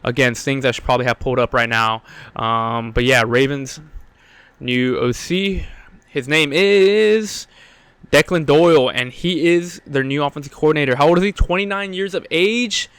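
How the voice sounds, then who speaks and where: A man's voice: fairly high pitch, normal speed, a bit bright, clear, resonant tone, no room sound. A young man hosting a solo sports podcast, out of breath, rambling with lots of fillers and blunt, profane opinions. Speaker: podcast host.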